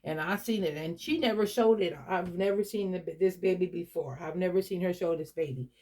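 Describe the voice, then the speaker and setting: A woman's voice: fairly low pitch, a little fast, a little mellow. A middle-aged woman chatting casually to her viewers, rambling with many restarts and fillers. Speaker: doll collector vlogger. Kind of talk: casual chat to camera.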